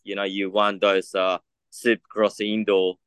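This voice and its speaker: Japanese guy w aussie accent, middle aged, low bright crisp voice, rambly, dry sound. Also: flat delivery, unhurried, no echo. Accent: Japanese with Australian accent. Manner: rambling, lots of fillers and "you know". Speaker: motocross test rider. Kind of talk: casual interview chat.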